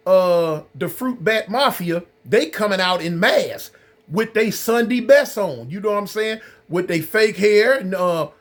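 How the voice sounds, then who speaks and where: A man casually telling his viewers a story in a rambling way. He uses loose slang and repeats his phrases. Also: high voice. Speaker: channel host recounting prison life.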